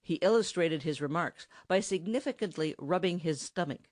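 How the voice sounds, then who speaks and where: A woman narrating an audiobook in an expressive, lively reading close to the mic. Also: fairly low pitch, moderate pace, few pauses, no room sound.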